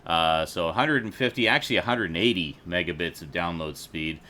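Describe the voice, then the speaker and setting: Bright-toned, rambling male stream host. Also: deep voice, fairly quick. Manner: rambling, laughs often, swears casually. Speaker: livestream host. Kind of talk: casual livestream chat. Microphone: desk USB microphone.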